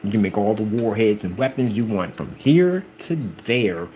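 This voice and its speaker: A man's voice: on the low side, big pitch swings, normal speed, warm tone, a little hiss or hum, rough recording. A man giving an informal religious talk, emphatic and preachy, acting out the people in the stories he tells. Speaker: channel host.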